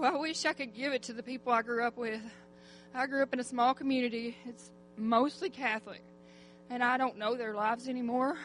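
A high-voiced middle-aged woman speaks before a church congregation, giving her testimony. Her delivery is heartfelt and fervent, full of sighing "oh"s. Faint music sits quietly behind her.

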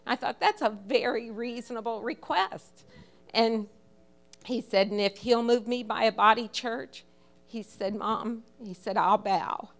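A woman's voice: a little high, unhurried, creaky. Woman telling an emotional church testimony. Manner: emotional storytelling, quotes others in dialogue. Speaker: church member giving a testimony. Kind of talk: personal testimony.

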